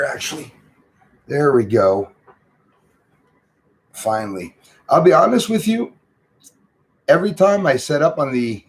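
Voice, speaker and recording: A man hosting a casual live stream, greeting viewers by name and chatting loosely about what they write. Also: mid-range voice. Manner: greets viewers by name and reads their comments aloud. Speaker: livestream host.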